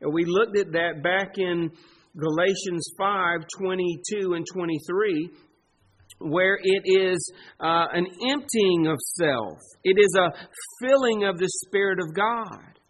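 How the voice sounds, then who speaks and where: A man preaching a sermon as pastor, slow and emphatic, drawing out the words he stresses. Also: sits high, fairly bright tone, a little hiss or hum.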